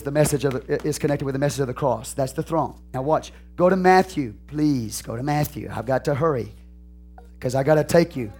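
In a church sanctuary, a male pastor preaches a sermon, dropping to hushed asides and rising to shouted, repetitive call-and-response lines. His voice is mid-range and husky.

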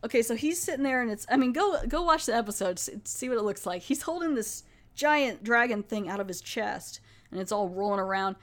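A woman's voice: on the high side, animated, fairly quick. Chatty woman recapping a TV episode. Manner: chatty, filler-heavy, often restarts. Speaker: podcast host.

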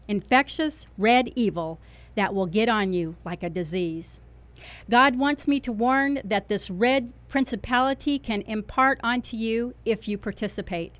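A woman delivering a fervent religious warning as a self-styled watchman, declaiming with heavy emphasis and dropping low on key words. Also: dry recording. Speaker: self-described watchman preacher.

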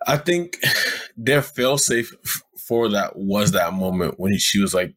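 A man with a low, husky voice in casual discussion. He talks haltingly, searching for his words, and the sound is dry and close. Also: animated, a bit bright, dry recording. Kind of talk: casual chat.

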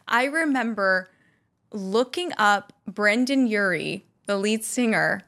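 A young woman telling animated, self-mocking stories to her viewers. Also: mid-range voice, takes it slowly. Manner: animated, self-mocking, acts out quotes in loud squeals. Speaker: vlogger. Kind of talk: casual storytelling to camera.

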